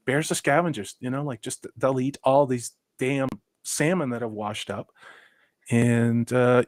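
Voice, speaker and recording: A man's voice: mid-range voice, no echo. A man hosting a casual livestream, reading out chat comments and riffing on them with rambling, sarcastic asides.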